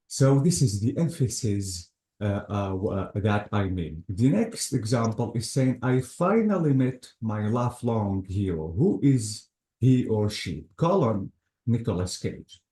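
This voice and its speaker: An English teacher with a low, mellow voice patiently leads a lesson on grammar rules, methodically working through examples and returning again and again to his cue words. He speaks expressively and a little slowly. The recording sounds roomy, with a noticeable echo.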